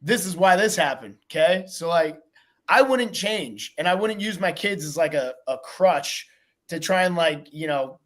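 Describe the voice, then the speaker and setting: A man hosting a casual podcast chat, talking in an animated, profane way and acting out quotes. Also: on the high side, a little slow. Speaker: podcast host.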